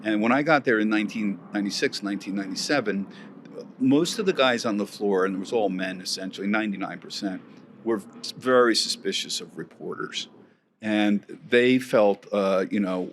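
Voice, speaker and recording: A man in his sixties telling stories as an interview guest, chatty, often laughing, with many restarts. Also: lowish voice. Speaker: guest, markets correspondent. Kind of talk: storytelling interview chat.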